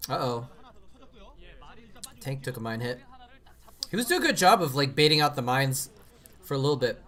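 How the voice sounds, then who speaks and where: Man, casual live-stream commentary, rambling, fillers, restarts, medium pitch. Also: lively intonation, moderate pace, fairly bright tone. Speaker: streamer watching and commenting on old game matches.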